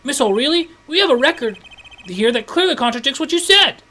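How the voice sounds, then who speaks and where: A woman voicing a confident young male defense lawyer who delivers forceful, accusing courtroom lines. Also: sits high, expressive, brisk.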